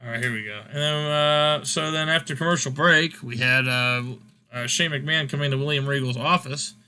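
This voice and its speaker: A man's voice: on the high side, steady tone, normal speed, bright, forceful tone. A man hosting a casual game recap, rambling with fillers as he scores each segment. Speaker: host.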